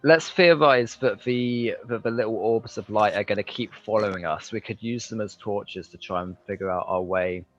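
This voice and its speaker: Low-voiced man, dull lo-fi sound. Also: normal speed, few pauses, soft background music. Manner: thinking aloud, hesitant restarts. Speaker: player. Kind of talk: tabletop game banter.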